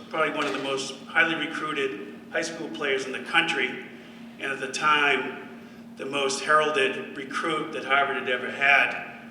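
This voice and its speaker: A man's voice: medium pitch, bright, forceful tone, slight background noise. A man giving a speech to an audience, telling a story with dry humor. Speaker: former football player giving a speech. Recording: echoey hall from far off.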